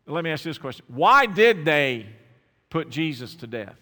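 A man's voice: on the high side, sing-song, normal speed, bright, forceful tone, in a large hall. A man preaching a sermon to his congregation, putting rhetorical questions to the listeners. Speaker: pastor. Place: church sanctuary.

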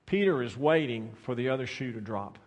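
A man preaching a sermon as pastor, swinging between soft, drawn-out phrases and loud, emphatic bursts. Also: mid-range voice, lively intonation. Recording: long reverb of a large hall.

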